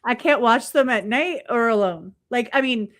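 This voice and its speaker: A woman chatting casually, telling animated stories and swearing freely. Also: fairly high pitch, moderate pace. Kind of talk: casual chat.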